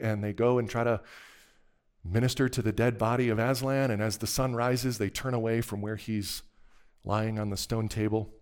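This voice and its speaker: A male preacher delivers a sermon. He retells a familiar story in a relaxed, conversational way, stopping now and then to ask his listeners whether they remember it. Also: medium pitch.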